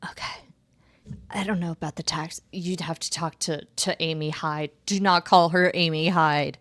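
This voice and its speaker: A woman's voice: sits low, fairly even intonation, normal speed, a bit bright. A woman playing a tabletop game, joking casually and talking in an easygoing way.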